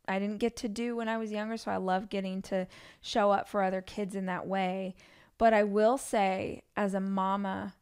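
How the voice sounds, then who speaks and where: A woman's voice: mid-range voice, clean tone. A woman in her forties hosting a podcast, telling candid, chatty stories about family life with frequent asides. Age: 40s. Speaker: podcast host. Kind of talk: solo podcast monologue.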